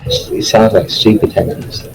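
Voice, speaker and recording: A man's voice: on the low side, fairly even intonation, measured pace, creaky, low-quality recording. A man playing a tabletop game online, joking in a dry way. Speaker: player. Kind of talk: casual tabletop game chat. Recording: faint background noise.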